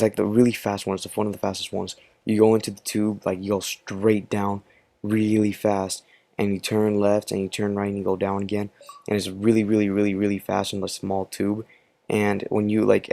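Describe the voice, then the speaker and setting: A man with a low, gravelly voice tells a story in loose, rambling commentary, full of fillers. His delivery stays fairly flat, and the sound is dry and close. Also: no echo. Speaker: channel host.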